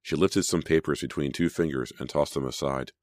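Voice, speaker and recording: A man with an extremely deep voice narrates an audiobook in a measured, storytelling way. The read is dry and close to the mic, with no room around it. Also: steady tone, darkish tone, no echo. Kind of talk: scripted narration.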